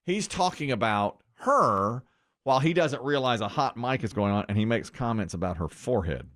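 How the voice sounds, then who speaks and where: A middle-aged man hosting a morning radio show, telling stories in casual banter and acting out the quotes with big jumps in his voice. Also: moderate pace. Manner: animated storyteller, acts out quotes with big pitch jumps.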